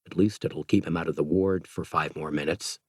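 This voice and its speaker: A man's voice: rumbling low, fairly even intonation, a little fast, breathy edge, no echo, studio quality, voice pushed down. A man voicing a tired, grim hospital doctor in an audiobook.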